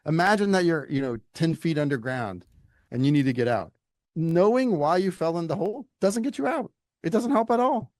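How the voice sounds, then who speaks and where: A middle-aged man from Louisiana, a leadership coach talking as a podcast guest in an animated, emphatic, folksy storytelling way. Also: fairly high pitch, fairly quick, no echo. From Louisiana, United States. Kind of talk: conversational interview.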